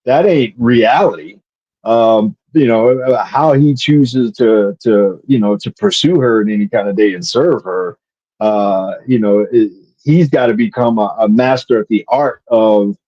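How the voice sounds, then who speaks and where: Mellow-voiced man, dull lo-fi sound. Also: on the low side, unhurried. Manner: thinks aloud with many restarts and fillers. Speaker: podcast co-host. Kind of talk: casual podcast chat.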